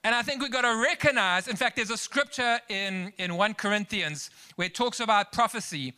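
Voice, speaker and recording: With a high, sharp, smooth voice at a normal pace, this pastor preaches emphatically. He moves between scripture and personal stories for the congregation, punctuating the sermon with rising exclamations.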